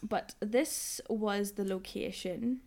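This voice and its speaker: A woman telling a story in casual chat, animated and laughing often. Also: medium pitch, takes it slowly, vocal fry.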